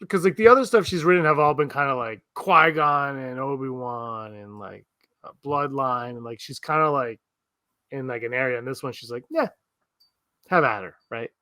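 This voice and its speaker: A man co-hosting a podcast, chatting casually and telling rambling, animated stories full of restarts. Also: mid-range voice, moderate pace, no echo. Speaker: podcast co-host. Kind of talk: casual chat. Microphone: streamed remote podcast setup.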